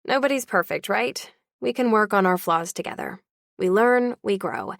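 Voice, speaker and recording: A woman's voice: mid-range voice, moderate pace, vocal fry, dry recording, clean studio sound, close to an everyday voice. A woman voicing a guarded, sarcastic teenage girl in an audiobook. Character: teenage girl, wary and sarcastic best friend.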